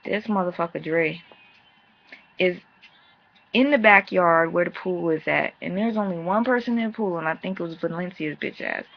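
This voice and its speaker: Brief: sassy, profane woman vlogger, gravelly fry in her voice, lo-fi home recording. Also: fairly low pitch, moderate pace. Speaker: vlogger reviewing a reality show. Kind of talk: casual recap rant.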